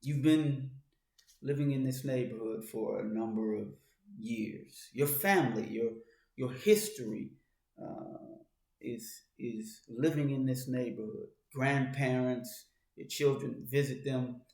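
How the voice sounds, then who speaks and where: A man's voice: medium pitch, slow pace, gravelly. Man speaking in an echoey room. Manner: talks to the listener in second person, many restarts; grows louder and more urgent as he goes. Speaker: commentator. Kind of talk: monologue commentary.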